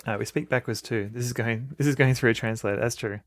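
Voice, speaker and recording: Gravelly Australian man streaming a game. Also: mid-range voice, steady tone, fast, no room sound. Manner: joking, reads game text aloud. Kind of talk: casual let's-play commentary.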